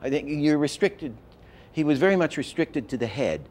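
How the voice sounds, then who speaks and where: An older man teaching animation, telling stories in a lively way and acting out example lines, with many restarts. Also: on the high side, normal speed. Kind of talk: lecture with acted-out examples.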